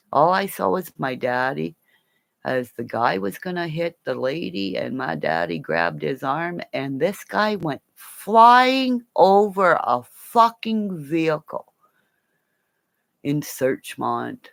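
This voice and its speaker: A woman's voice: low voice, big pitch swings, takes it slowly, creaky. A woman from Canada ranting angrily to camera in a profane, rambling monologue. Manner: profane and angry; rambling, jumps between topics. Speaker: vlogger.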